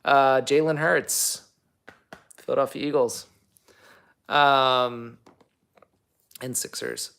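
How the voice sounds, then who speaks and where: A man's voice: mid-range voice, fairly even intonation, slow pace, vocal fry, long pauses, fairly bright tone, smooth. A young man hosting a casual livestream, answering viewer comments in a rambling, chatty way full of fillers. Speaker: livestream host and actor.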